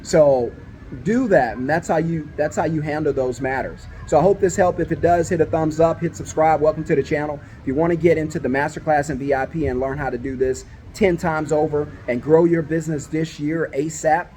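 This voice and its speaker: A man delivering business advice straight to camera, sounding like a hands-on company owner coaching his peers. His voice sits slightly high for a man, and he drives points home by repeating them. He keeps the tone emphatic and brotherly, often checking in with a quick "right?". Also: dark tone, a little hiss or hum.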